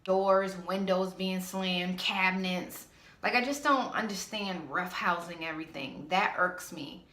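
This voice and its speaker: Brief: woman vlogger, low-pitched but bright and forceful, blunt and sassy, echoey room. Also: a little slow. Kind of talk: casual ranting monologue.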